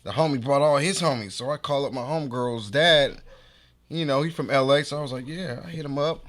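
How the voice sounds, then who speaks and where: A man's voice: medium pitch, a little fast. A man hosting a podcast, telling a street story in slangy casual talk and acting out the voices of the people in it. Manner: animated, slangy, acts out quoted voices. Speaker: podcast host.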